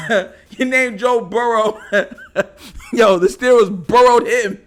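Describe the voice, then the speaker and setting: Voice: mid-range voice, slow. A sports show host ranting casually as a fan, with slangy trash talk and frequent laughter between lines.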